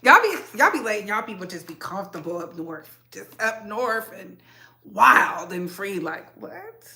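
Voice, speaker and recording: A woman with a Southern US accent hosting a casual commentary show, talking to her audience in an animated, opinionated, slangy way. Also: mid-range voice, a little slow, creaky. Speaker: show host.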